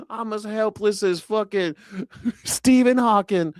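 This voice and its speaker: A man's voice: sits high, takes it slowly, clear, resonant tone, no echo, studio quality, pitched above the performer's own voice. A man putting on the voice of a whiny, helpless old man who pleads his innocence.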